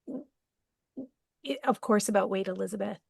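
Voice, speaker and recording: A woman hosting a podcast interview, speaking thoughtfully and haltingly, with many murmured affirmations. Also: mid-range voice, gravelly, a little mellow, husky, dry recording. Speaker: podcast host.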